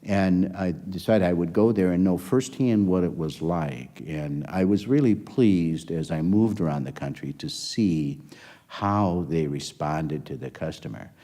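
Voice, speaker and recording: A man's voice: low-pitched, unhurried, dark tone. An older man, a former health system executive, telling a long story in an interview, rambling and acting out the dialogue. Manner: rambling anecdotal, acts out quoted dialogue.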